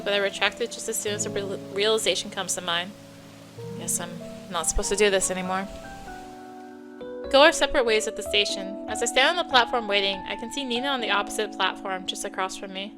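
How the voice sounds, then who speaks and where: Let's play host, a woman reading game text expressively over loud game music. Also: mid-range voice. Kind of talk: reading a visual novel aloud.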